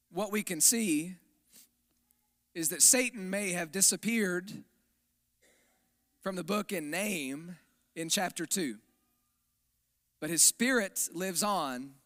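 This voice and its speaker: A man's voice: high voice, bright, forceful tone. A man preaching a sermon in a conversational, emphatic way, often checking the audience is following. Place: church sanctuary. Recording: long hall reverb.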